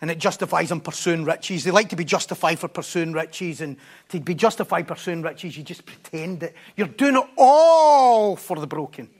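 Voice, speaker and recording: A preacher with a fairly high voice delivers his sermon in a lively, conversational way. He breaks off for jokey asides and swings between hushed, quiet phrases and loud, excited stretches. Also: normal speed.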